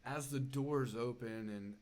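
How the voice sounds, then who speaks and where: A young man appears as a podcast guest, telling a story in casual chat packed with fillers and "dude", building up as he goes. His voice is medium-pitched and a little mellow, and his pace is a little slow.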